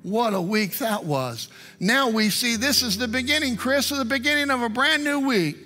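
A man's voice: very high voice, expressive, normal speed, sharp tone. A man preaching as pastor, reading scripture and weaving in prayers with earnest emphasis. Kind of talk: sermon. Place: church. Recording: online service stream with music.

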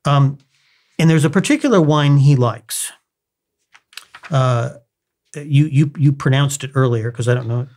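A man's voice: mid-range voice, measured pace, long pauses, darkish tone. A man co-hosting a casual book discussion, reading long passages from a novel and telling anecdotes. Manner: reads long passages, then tells anecdotes with laughter. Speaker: podcast co-host.

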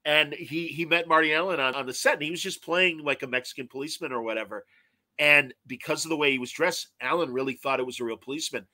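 A man's voice: a little high, quick pace, no echo. A man in his fifties, a guest telling stories in casual chat and acting out quotes. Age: 50s. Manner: animated storyteller acting out quotes.

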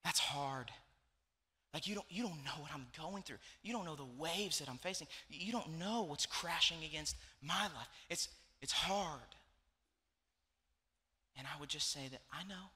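Bright-voiced young pastor in a reverberant hall. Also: male voice, fairly high pitch, a little slow. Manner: emotional storytelling, repeating phrases for emphasis. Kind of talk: sermon.

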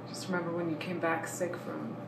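A woman's voice: on the low side, flat delivery, fairly quick, vocal fry. A woman chiming in during a casual family chat with teasing remarks. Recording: distant, echoey, noisy room.

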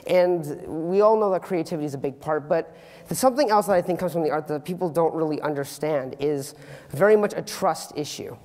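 A teenage boy giving an earnest, animated student talk on stage, with comic asides. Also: on the high side, fairly quick, long reverb tail. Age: teens. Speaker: student speaker. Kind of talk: youth public talk. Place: auditorium stage.

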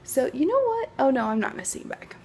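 A woman's voice: high voice, big pitch swings, brisk, darkish tone. A young woman chatting casually to her phone camera at home, rambling with lots of fillers. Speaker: vlogger. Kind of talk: casual vlog chat.

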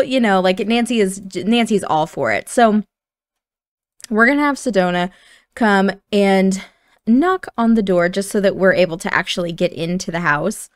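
A woman's voice: mid-range voice, moderate pace, dry recording, clean studio sound. A woman chattily narrating a life-simulation gameplay session, giggling now and then.

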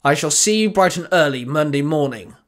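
A man playing a stern fire captain from a storybook reading, barking orders in a commanding voice. gruff and strict, a man of authority. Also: on the high side, expressive, a little fast, close to an everyday voice.

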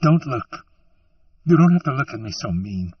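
A man's voice: low-pitched, animated, unhurried, breathy edge, heavily acted. A man voicing a worn-out, bitter woman saloon keeper with a shrewish manner, heard as a dull, distant recording. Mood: tearful. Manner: shrewish, by turns screaming and tearful.

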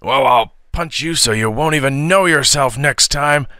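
A man voicing a cowardly teenage bully who whines and pleads in a high, shrill voice. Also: normal speed, sharp tone, clean tone, no echo, clean studio sound. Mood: threatening. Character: cowering teenage boy bully, whiny.

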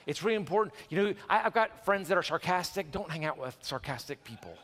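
A male pastor preaching a sermon in a church sanctuary, animated and conversational with quick restarts and jokes. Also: fairly high pitch. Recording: long church hall reverb.

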